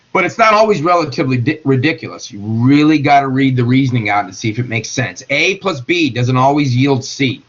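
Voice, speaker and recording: A middle-aged chemistry teacher lectures his class in a folksy, joking style, addressing students by name. His medium-pitched voice is a bit bright and husky, and the classroom recording is dull and lo-fi.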